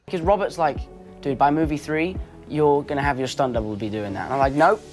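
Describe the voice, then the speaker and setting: A man's voice: fairly high pitch, fast, music in the background. A young man with an English accent, chatting in an interview and telling stories with a laugh, acting out the lines he quotes. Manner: animated storyteller, acts out quotes, laughs often. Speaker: actor being interviewed. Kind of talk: casual interview chat.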